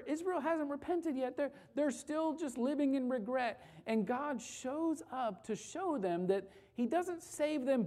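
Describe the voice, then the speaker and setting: A woman's voice: fairly high pitch, dark tone. A woman preaching a sermon with emphasis, repeating key phrases and asking the listeners rhetorical questions.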